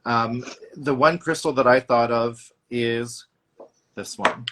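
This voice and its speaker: A man with a bright, forceful tone hosts a casual spiritual chat. His pitch is middling, and he speaks with enthusiasm, often pausing and restarting his sentences. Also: steady tone. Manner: enthusiastic, halting with fillers and restarts. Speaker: tarot reader and host.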